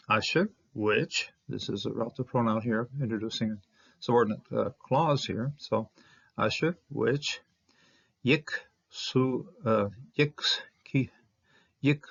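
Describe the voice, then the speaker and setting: A man teaching a casual verse-by-verse Hebrew lesson, halting and thinking aloud with many fillers and small chuckles. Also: medium pitch, vocal fry, husky. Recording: dull lo-fi recording.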